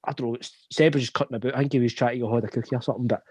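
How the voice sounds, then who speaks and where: A man's voice: medium pitch, fairly even intonation, racing, darkish tone, husky, no room sound. A young man with a Scottish accent, telling a long laughing anecdote in casual chat, swearing freely. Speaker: podcast host.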